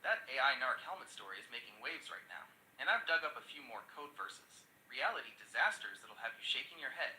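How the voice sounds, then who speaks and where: A man's voice: mid-range voice, sing-song, fairly quick, few pauses, pushed and bright. A man's synthetic voice, chirpy and eager to please, telling jokes and recapping news. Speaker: AI chat assistant. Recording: echoey room with faint noise.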